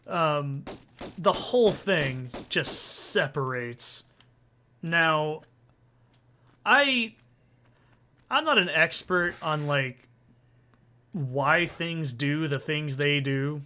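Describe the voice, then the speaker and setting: A man's voice: on the high side, extremely slow, long pauses, sharp tone. A young man hosting a let's play, telling a long rambling story with lots of swearing while he plays. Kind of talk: casual gameplay commentary. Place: soundproofed home recording corner. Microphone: desk condenser mic with pop filter.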